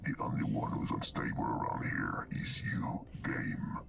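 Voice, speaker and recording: An actor playing a mocking glitch creature in a video game, with a deep gravelly whispery voice. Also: male voice, measured pace, very noisy, lightly acted. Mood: sneering. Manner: sneering taunts. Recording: distant voice over loud game music.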